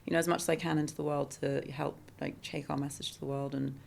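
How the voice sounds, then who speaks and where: A woman's voice: deep voice, level tone, fast, vocal fry, darkish tone, a little hiss or hum. A woman speaking casually as a podcast guest, with many fillers. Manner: casual, with fillers like "like" and "you know". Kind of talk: podcast interview.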